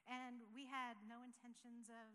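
A woman's voice: a little high, little pitch movement, unhurried, smooth, big-room sound. A woman in her forties, an operations pastor, sharing a personal testimony in an earnest, conversational way. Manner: earnest, conversational, with soft laughs. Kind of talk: church testimony talk. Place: church sanctuary.

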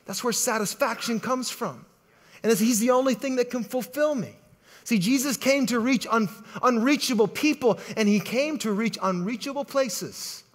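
Casual middle-aged male pastor, very high voice, animated sermon delivery that repeats words as it builds. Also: normal speed.

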